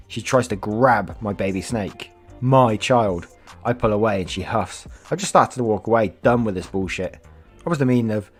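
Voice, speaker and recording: Man, low voice, casual story reader, swears and comments, faint music behind. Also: normal speed, breathy edge. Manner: casual, swears, reacts and laughs between readings. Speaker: storytelling YouTuber. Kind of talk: reading online stories with commentary.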